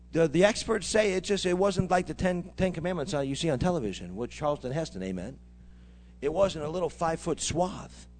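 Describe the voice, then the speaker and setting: Pastor, man, high-pitched, fiery call-and-response preaching style. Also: fairly bright tone. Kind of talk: sermon.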